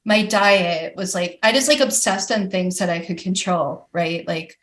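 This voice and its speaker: A professional climber appears as a guest on a casual podcast interview, telling her story candidly and animatedly, with many "like" fillers. Her lowish, slightly bright voice keeps a measured pace.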